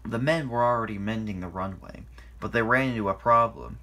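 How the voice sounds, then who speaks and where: A man's voice: on the low side, fairly quick, pushed and bright. A man reading his own fan story aloud, informally and with small slips.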